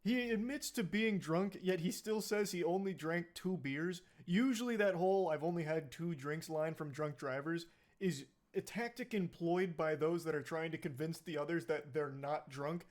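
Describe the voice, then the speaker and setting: A man's voice: a little high, moderate pace. Blunt, profane male video narrator. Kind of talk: commentary narration over footage.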